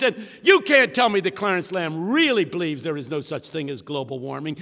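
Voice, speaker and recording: A man preaching a sermon with call-and-response rhythm, swinging from shouts to hushed tones in a large hall. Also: a little high, lively intonation, normal speed, creaky, few pauses. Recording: echoey hall reverb.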